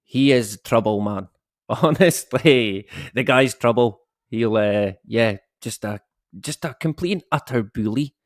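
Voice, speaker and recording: A man's voice: medium pitch, a little slow, no room sound, clean studio sound. A man in his thirties casually chatting and greeting viewers as a livestream host, joking at his own expense and swearing freely. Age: 30s. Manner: jokey, self-mocking, swears casually, laughs often. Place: at home.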